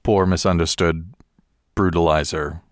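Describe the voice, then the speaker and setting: Man, podcast host, casual chat, teasing, lowish voice, dry sound. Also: steady tone, measured pace, no room sound.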